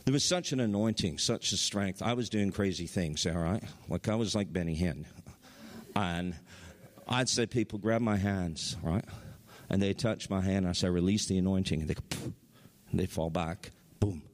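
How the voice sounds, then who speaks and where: A man preaching a sermon, telling stories with excitement and his voice jumping up high at the big moments. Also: moderate pace, in a large hall. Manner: excited storytelling, voice rising high at highlights. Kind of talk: sermon testimony.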